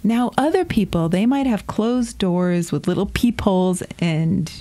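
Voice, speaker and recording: A woman co-hosting a podcast, gently explaining a healing technique in casual chat and laughing easily. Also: medium pitch, lively intonation, a little slow. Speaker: acupressure practitioner, co-host.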